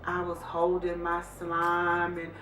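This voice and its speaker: A woman vlogs casually, slowly telling viewers a story and acting out, in an animated way, how she scolded her son. Her pitch is fairly low, and the audio has an echoey room, distant mic, and faint music.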